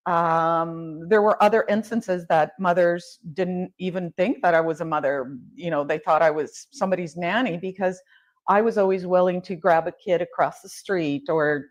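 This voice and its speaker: A woman in her fifties, a home builder guest on an interview podcast, telling lively stories and laughing often. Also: lowish voice, moderate pace. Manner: animated storyteller, laughs often. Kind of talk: casual interview chat.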